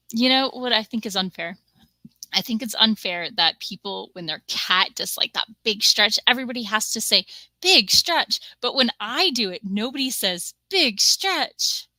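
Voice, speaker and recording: A chatty woman hosts a relaxed livestream from her home desk, bright and forceful in tone. The sound is close and dry. She is playful and now and then drops into a quiet aside. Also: medium pitch, moderate pace, dry recording, rough recording. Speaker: stream host. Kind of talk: casual chat.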